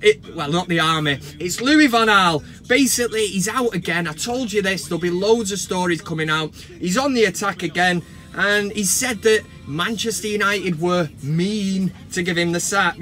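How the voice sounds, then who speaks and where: A man hosting a comedic football vlog, ranting in a mocking, sweary, excitable way. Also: high-pitched, moderate pace. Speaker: vlog host. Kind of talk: casual comedic football rant.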